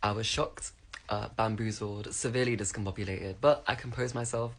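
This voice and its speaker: A woman's voice: very deep voice, fairly even intonation, fairly quick. A British woman telling a story to camera in a wry, theatrical way. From United Kingdom.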